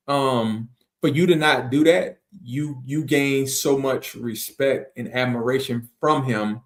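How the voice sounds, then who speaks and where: A man's voice: mid-range voice, unhurried. A man from South Carolina, a motivational speaker and interview guest, talking in a reflective, slangy way. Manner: reflective and slangy, steady and earnest. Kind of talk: casual interview conversation.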